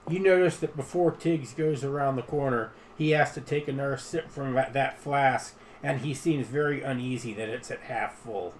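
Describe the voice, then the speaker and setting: A man playing a tabletop game, relaxed, describing his character's actions. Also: mid-range voice, moderate pace, few pauses. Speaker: player. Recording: faint background noise.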